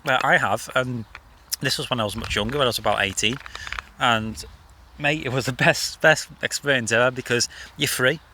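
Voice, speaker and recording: A man's voice: mid-range voice, moderate pace, sharp tone, slight background noise. A man hosting a casual outdoor interview, chatty and freely giving advice. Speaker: interview host. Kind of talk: casual chat. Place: outdoors by a bridge.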